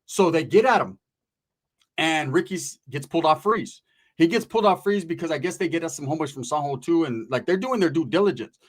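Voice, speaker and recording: Fast-talking, profane male storyteller. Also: fairly high pitch. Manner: profane, animated and rambling. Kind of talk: casual storytelling.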